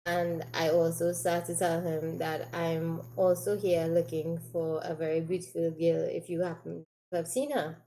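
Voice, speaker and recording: A woman's voice: lowish voice, level tone, normal speed, few pauses, dark tone, a little hiss or hum, poor audio. A woman playing her character in a tabletop game, chatty and hesitant with frequent fillers. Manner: chatty, hesitant, laughs often. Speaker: player.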